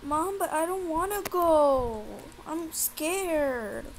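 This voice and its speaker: A woman's voice: very high voice, animated, very slow, exaggerated voice. A young female voice acting out a frightened little schoolboy who pleads and whines, in a homemade skit with fan noise behind. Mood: pleading. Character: boy, a scared young schoolboy.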